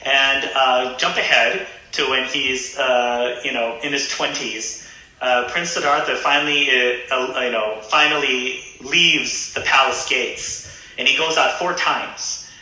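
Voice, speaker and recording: Man, Buddhist reverend guest, retells an old story with loose, halting delivery; very bright tone, very echoey room. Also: mid-range voice, fairly even intonation. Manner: hesitant, many fillers and restarts. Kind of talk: casual storytelling.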